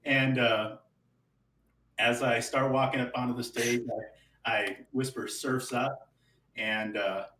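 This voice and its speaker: A man's voice: mid-range voice, level tone, measured pace. A man playing a tabletop game who casually narrates what his character does. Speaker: player. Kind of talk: tabletop role-play. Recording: roomy, distant mic with faint noise.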